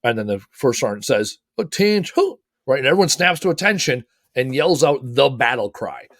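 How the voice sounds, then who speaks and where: A middle-aged man from the United States giving an energetic, emphatic motivational talk as host, swearing casually. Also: medium pitch, brisk, dry recording, clean studio sound.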